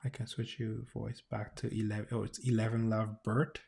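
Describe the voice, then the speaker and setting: A man live-streaming his coding session, thinking aloud in casual commentary, often restarting sentences and breaking in with quick exclamations. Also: on the low side, level tone, gravelly, a little mellow. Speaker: developer livestreaming.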